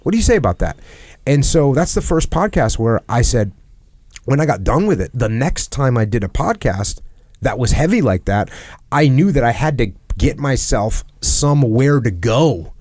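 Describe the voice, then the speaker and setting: A man's voice: medium pitch, very animated, normal speed, darkish tone, dry recording, clean studio sound. A middle-aged man hosting a podcast. He talks in an earnest, reflective way and repeats phrases for emphasis. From United States. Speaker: podcast host. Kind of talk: reflective conversational talk.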